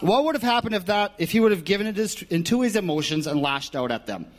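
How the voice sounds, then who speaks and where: A man preaching a sermon, telling stories with lively shouted asides and jokes. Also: high-pitched, quick pace.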